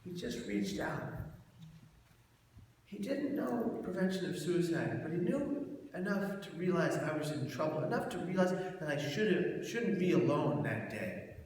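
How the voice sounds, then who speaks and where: A man's voice: measured pace, slight background noise. A man giving a personal talk to an audience and acting out the people in his story with sudden jumps in voice. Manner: animated storyteller, acts out quotes with big jumps in loudness and pitch. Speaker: keynote speaker. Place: large event hall with an audience. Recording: far from the mic in a very echoey hall.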